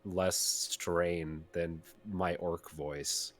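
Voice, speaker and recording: Very deep-voiced man with dry wit. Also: level tone, drawn-out words. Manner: dry, wry humour. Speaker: guest, writer and voice actor. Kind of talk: casual conversation.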